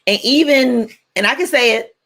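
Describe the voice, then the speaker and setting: A woman in her forties, co-hosting a radio talk show and telling stories in a playful, animated way. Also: on the high side, normal speed. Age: 40s. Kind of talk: casual chat.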